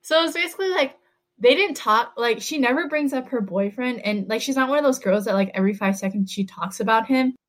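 A woman's voice: a little high, fast. Chatty young woman rambling through a story. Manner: rambling, heavy use of "like". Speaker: podcast host. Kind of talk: casual storytelling chat.

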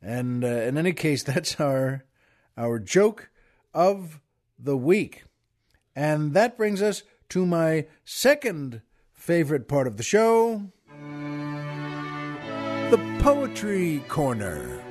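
A man's voice: on the high side, sing-song, slow pace, pauses often, a little mellow, soft background music. A man hosting a talk show, telling stories in a casual, rambling way with frequent restarts and repeated words. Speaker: show host.

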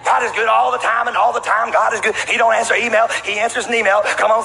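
A middle-aged man preaching a sermon as pastor, an animated storyteller who throws asides to the congregation. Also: high-pitched, fast talker, gravelly, hardly any pauses. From Texas. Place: large church auditorium. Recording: long hall reverb with faint room noise.

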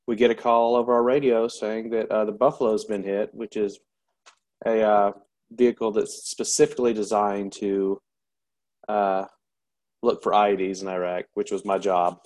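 A military veteran recounts a painful personal story in an interview, speaking candidly but haltingly, with many pauses and restarts. His voice is lowish and darkish in tone.

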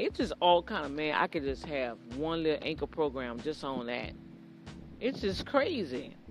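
A preacher giving an informal sermon, earnest and addressing listeners directly, often repeating phrases. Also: medium pitch.

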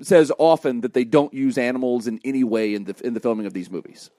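A man hosting a podcast, reading listener mail aloud with many pauses and fillers. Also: medium pitch, warm tone, dry recording. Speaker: podcast host.

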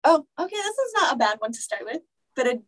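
A young woman co-hosting a podcast, reading stories aloud and reacting with gasps and loud, profane commentary. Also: high voice, quick pace. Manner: animated, gasps and reacts loudly, swears casually. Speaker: podcast co-host.

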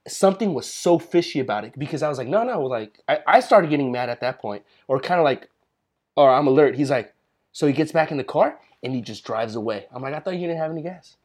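Young man, podcast co-host, husky voice, animated pitch, casual storytelling. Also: a little fast. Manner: loose, storytelling, swears freely.

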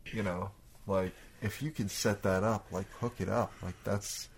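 A man's voice: lowish voice, fairly even intonation, a little slow, gravelly, slight background noise. A man co-hosting a casual chat, goofy and joking around. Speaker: podcast co-host.

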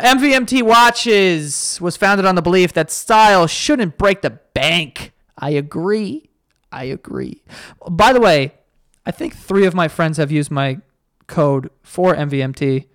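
A young man hosts a podcast on his own, talking in a loose, rambling way and poking fun at himself. His voice sits a little high and keeps cracking as he goes. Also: fairly bright tone, clear, resonant tone, no echo, clean studio sound. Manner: rambling, self-deprecating, voice cracking. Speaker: podcast host. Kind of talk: casual solo podcast chat with ad read.

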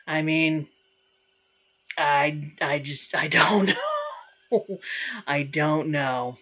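A woman's voice: sits low, fairly even intonation, very slow, pauses often, a bit bright. A young woman hosting a casual solo podcast, ranting bluntly with lots of swearing and frequent laughter. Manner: profane, blunt, laughs often. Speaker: podcast host.

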